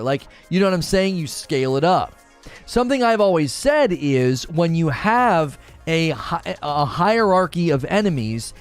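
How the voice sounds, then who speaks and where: A man hosting a live gaming stream, reading chat messages and arguing his views with rhetorical questions. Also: on the high side. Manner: opinionated, explains with rhetorical questions.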